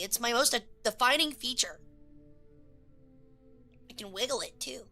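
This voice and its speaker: Woman streamer, casual and chaotic, crude jokes, bright and tense tone, faint music underneath. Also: fairly high pitch, lively intonation, moderate pace, pauses often. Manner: chaotic, crude joking with chat. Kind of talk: casual live-stream chat.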